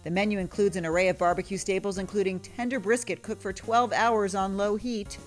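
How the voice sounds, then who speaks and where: A woman's voice: medium pitch, fairly even intonation, fairly quick. Upbeat woman news food host. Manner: upbeat, savoring food descriptions. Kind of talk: news feature narration and tasting chat. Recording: music bed under voice.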